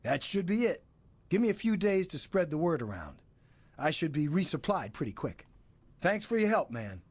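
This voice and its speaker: A man's voice: a little high, sing-song, normal speed, husky. An actor playing an eager, chatty male gun merchant with a pushy sales patter in a game. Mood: salesy.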